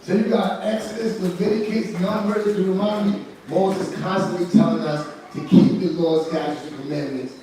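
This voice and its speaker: Male participant, conversational and questioning, higher voice, distant echoey room. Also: normal speed, hardly any pauses. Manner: animated, conversational, asks questions. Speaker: study group participant. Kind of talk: casual commentary on scripture. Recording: echoey room, far from mic, background noise.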